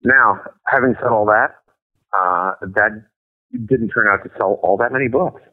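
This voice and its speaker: Deep-voiced blunt man over a phone line. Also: a little slow. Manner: blunt, profane, emphatic. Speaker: guest author. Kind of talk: casual interview chat.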